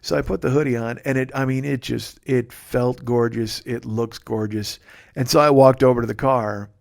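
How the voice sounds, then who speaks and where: Profane rambling comedian. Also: male voice, medium pitch, fairly even intonation, normal speed, gravelly. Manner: profane, rambling, self-interrupting. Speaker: comedian podcast host. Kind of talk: casual storytelling monologue.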